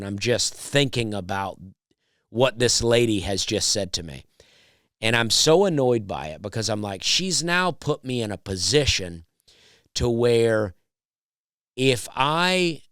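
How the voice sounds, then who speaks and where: Low-voiced man telling a deadpan story. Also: no echo, studio quality. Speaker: stand-up comedian. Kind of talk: storytelling comedy monologue.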